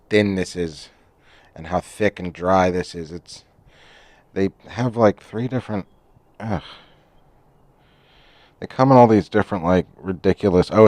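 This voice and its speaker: A man reviewing cartoons in a casual, rambling way, full of fillers and sarcastic asides. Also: low-pitched.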